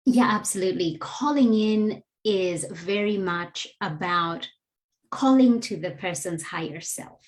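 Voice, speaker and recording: A woman guest on an interview, explaining things in an earnest, measured, teacherly way. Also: mid-range voice. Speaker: guest, DEI educator.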